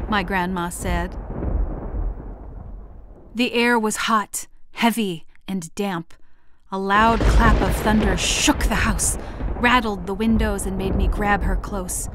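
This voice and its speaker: A woman teacher reading a picture book aloud to her students, gentle and expressive. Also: medium pitch, slow, pauses often, background noise.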